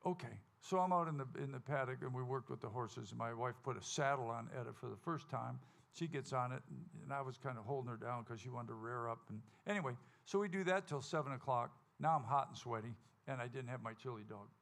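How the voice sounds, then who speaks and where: A man hosting a live country music show, telling a folksy, animated story to the audience and acting out the quotes. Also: medium pitch, fast, gravelly. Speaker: stage host and singer at a country music show. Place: live music venue stage.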